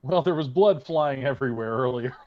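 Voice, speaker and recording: A man's voice: medium pitch, fairly quick, close to an everyday voice. A kindly woman who runs a mission, as a game master puts her on, talks in a hesitant, worried way. It comes through dull, lo-fi stream sound. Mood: concerned. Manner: concerned, hesitant.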